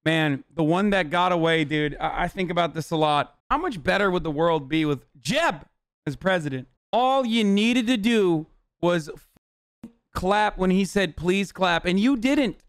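A man streaming live, reacting to news clips in an excitable, profane, rambling way. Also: high-pitched, normal speed, smooth, no echo. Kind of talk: casual reaction commentary.

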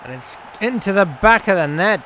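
Excitable high-voiced man commentating gameplay. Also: normal speed, crowd noise. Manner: excitable, swearing, jokey, talks to viewers. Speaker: gaming YouTuber.

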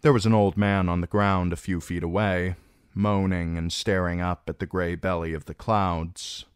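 A man narrating an audiobook in a measured, expressive way. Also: sits low, clear, resonant tone, no echo, clean studio sound. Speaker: audiobook reader.

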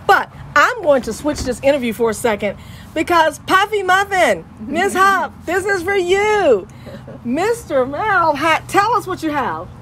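A woman's voice: extremely high pitch, big pitch swings, measured pace, fairly bright tone, slight background noise. A woman with an East Texas Southern accent hosting Christian radio, talking in an exuberant, preachy way and repeating her phrases. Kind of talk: lively radio chat.

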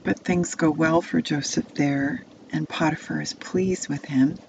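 Woman narrator for kids' Bible story, slow, gravelly, dull lo-fi sound. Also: sits low, steady tone, background noise. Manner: second-person immersive storytelling. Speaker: children's storyteller. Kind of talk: telling a Bible story to children.

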